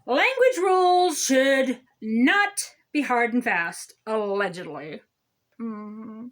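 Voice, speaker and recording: A woman's voice: on the high side, expressive, slow pace, fairly bright tone. A woman playing a smug, condescending male city councilman who lectures on grammar in a satirical comedy monologue. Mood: smug lecturing. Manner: condescending, lecturing, repeats "okay?".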